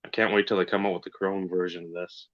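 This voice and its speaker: A man co-hosting a casual podcast, tossing in dry, deadpan quips. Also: low-pitched, fast, dry recording, highs cut off. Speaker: podcast co-host. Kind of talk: casual chat.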